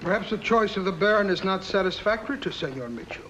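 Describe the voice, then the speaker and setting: A scheming foreign diplomat with a high, sneering voice that rises and falls sharply. He accuses and taunts in a measured, theatrical way. It sounds like a 1950s TV drama soundtrack with a faint hiss. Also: lively intonation, fairly bright tone, dull audio. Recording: faintly noisy old TV soundtrack.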